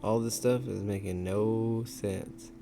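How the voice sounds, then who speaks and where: A man's voice: lowish voice, steady tone, takes it slowly, creaky, over music. A man commentating a game he plays, reacting with exasperated swearing. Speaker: gamer. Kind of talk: let's play commentary.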